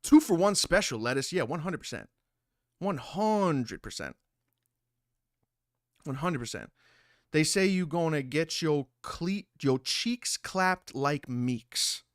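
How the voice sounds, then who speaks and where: A young man hosting a live stream, ranting with loud, profane bursts and reading out messages from chat. His voice sits high for a man and sounds close and dry, with no room around it. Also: lively intonation, slow pace, long pauses, no room sound. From Italian heritage. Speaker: livestream host. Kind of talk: casual livestream commentary.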